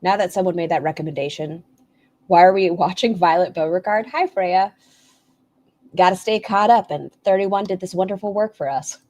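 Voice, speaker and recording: A woman hosting a commentary stream, chatting casually and throwing in sarcastic jabs. Her voice sits on the lower side for a woman. She sounds relaxed and conversational. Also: moderate pace.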